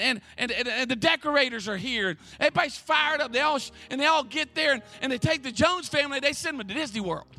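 Male pastor, very high and bright voice, fervent shouting sermon delivery. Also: no room sound. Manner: fervent, shouting, repeats words in rapid bursts. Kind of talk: energetic preaching sermon. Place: church service.

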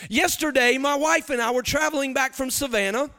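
A man, preaching a sermon with impassioned, confessional energy and loud, half-sung emphasis. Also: extremely high pitch, brisk. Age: 30s.

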